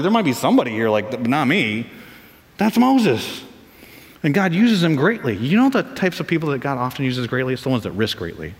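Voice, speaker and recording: A man preaching a sermon as pastor, casual and animated, acting out the people he quotes in raised voices. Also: mid-range voice, long reverb tail.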